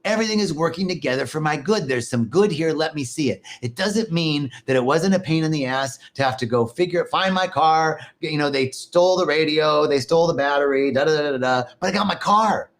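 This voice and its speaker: A man preaching a sermon, telling animated stories, laughing often and swearing casually. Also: a little high, a little fast, few pauses. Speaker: minister. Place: lives in Costa Rica.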